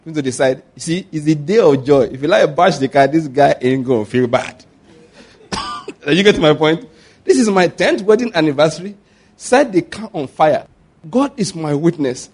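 Male pastor, 40s, lively sermon storyteller who laughs a lot and asks the crowd to answer back, slightly raised pitch. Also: moderate pace, slightly rough. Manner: animated storytelling with call-and-response questions; laughs often while preaching.

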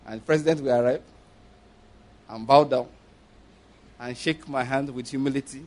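A man's voice: medium pitch, brisk, pauses often. A middle-aged man with a Nigerian accent preaching a sermon, playful and acting out dialogue between points. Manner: playful, acts out dialogue, laughs often. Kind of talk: sermon with acted-out stories.

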